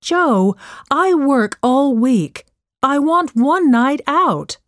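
A woman's voice: sits high, sing-song, slow, a little mellow, no room sound, clean studio sound, pitched above the performer's own voice, exaggerated voice. A woman voicing a tired, stern mother in a storybook reading, scolding in a raised voice.

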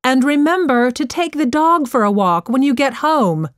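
A woman's voice: sits high, big pitch swings, slow, a little mellow, dry recording, voice pushed up, heavily acted. Woman reading a cranky worn-out mom, scolding, raised voice, dry sound. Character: stern, tired working mother.

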